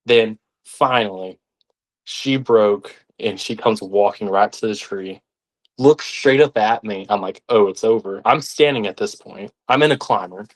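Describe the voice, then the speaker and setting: A young man, telling stories as a podcast guest in an animated way, sometimes acting out the voices of others. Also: fairly low pitch, a little slow. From Arkansas, United States. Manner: animated, acts out quoted voices. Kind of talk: casual storytelling.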